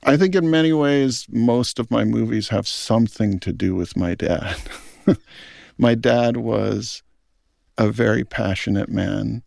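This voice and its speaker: A man's voice: mid-range voice, unhurried, vocal fry, darkish tone, dry recording, clean studio sound. A middle-aged man, a film director, speaking in an earnest, thoughtful interview. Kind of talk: reflective interview talk.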